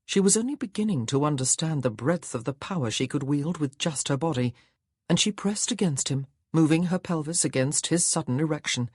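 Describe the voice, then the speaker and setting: A man narrating a historical romance audiobook in a measured, even storytelling manner. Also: fairly high pitch, husky, dry recording, clean studio sound. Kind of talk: scripted narration.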